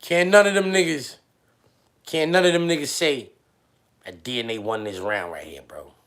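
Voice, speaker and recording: A man hosting a livestream, chatting casually with viewers in loose, animated slang. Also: medium pitch, moderate pace. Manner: slangy and animated, often addresses chat. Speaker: livestream host.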